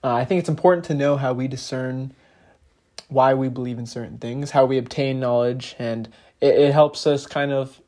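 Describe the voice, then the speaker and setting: A man's voice: medium pitch, steady tone, moderate pace, warm tone. A young man hosting a casual podcast, speaking with a slight lisp and explaining ideas earnestly with frequent fillers. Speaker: podcast host.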